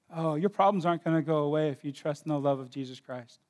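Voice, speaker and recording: A man preaching a sermon with passion, rising to loud bursts and dropping to hushed, quiet lines. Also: on the high side, quick pace, hardly any pauses. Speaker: pastor.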